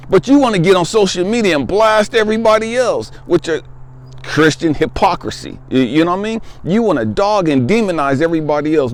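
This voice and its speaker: This is a man in his fifties telling his own story, straight to camera, as a spiritual coach. His voice sits slightly high and swings widely in pitch. He talks emphatically and conversationally, hammering points through repetition. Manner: emphatic, conversational, repeats phrases for weight. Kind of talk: personal testimony monologue.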